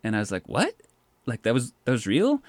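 A man who works as a park poet, telling stories in a casual, animated way and filling his speech with "like". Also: mid-range voice, brisk, dry recording. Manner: animated, says "like" often. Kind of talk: casual storytelling.

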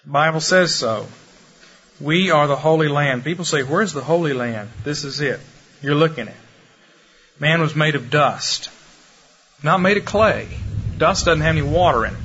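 A man delivers a teaching sermon with a bright, forceful tone, a touch higher than most men. He is demonstrative, speeding up and slowing down, louder and softer, to make his points. The recording is dull and lo-fi with faint background ambience. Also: a little hiss or hum. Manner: demonstrative, lively delivery with varied pace and loudness. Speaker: preacher. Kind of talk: sermon lecture.

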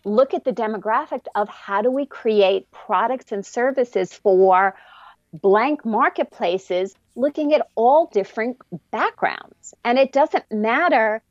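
A woman's voice: fairly high pitch, slow pace, dry recording, lo-fi sound. A businesswoman guest answering interview questions earnestly, telling stories and acting out quotes. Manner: earnest, storytelling, acts out quotes.

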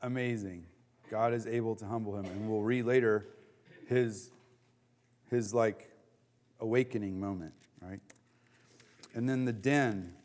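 A man leading a Bible study, teaching in a casual, animated way with many fillers. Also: on the low side, a little slow, pauses often, long reverb tail.

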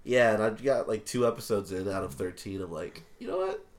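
A man co-hosting a casual podcast, chatting in a relaxed way with crude jokes. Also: on the low side, brisk. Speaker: podcast co-host. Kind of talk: casual chat.

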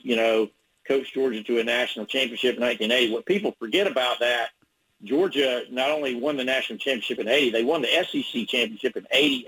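Man, husky voice, sports reporter, rambling radio story. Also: medium pitch, a bit bright, rough recording. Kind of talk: radio interview guest.

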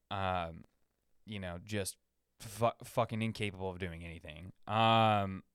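A young man hosts a podcast from his own room at home, rambling in a laid-back, slangy style with lots of fillers and restarts. His voice is lowish, a bit bright, and smooth, with clean studio sound and no room echo.

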